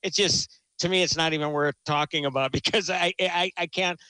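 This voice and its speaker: A man's voice: fairly high pitch, fairly even intonation, a little fast, pushed and bright, clean tone, no room sound, low-quality recording. A man talking casually about a film, enthusiastic and rambling, often restarting his sentences. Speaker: film critic guest. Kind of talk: casual chat.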